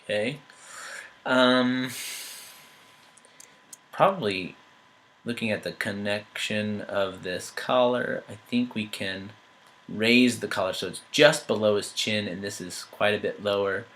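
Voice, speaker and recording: A man giving an art critique, talking through changes thoughtfully with many pauses, fillers and restarts. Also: on the low side, a bit bright, rough recording. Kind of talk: painting critique while editing on screen.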